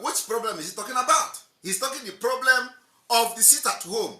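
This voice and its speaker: A man from Nigeria delivers a combative political monologue, firing off rhetorical questions and repeating his points. His voice is very bright and cutting, with wide, animated swings in pitch. The sound is roomy and echoey. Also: a little fast. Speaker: political commentator.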